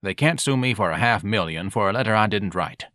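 A man's voice: fairly low pitch, expressive, fairly quick, pushed and bright, dry recording, clean studio sound. A man voicing a weary, dismissive male company owner. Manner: bored, dismissive.

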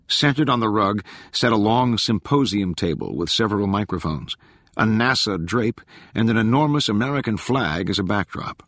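A man narrating an audiobook in a measured, even reading with a husky voice. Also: lowish voice, no room sound, clean studio sound. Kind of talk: scripted narration.

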